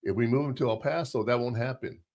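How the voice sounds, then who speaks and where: A man's voice: mid-range voice, fast, darkish tone. A middle-aged man hosting a casual podcast, giving advice through rambling personal anecdotes. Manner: tells rambling personal anecdotes, acts out quotes. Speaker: podcast host.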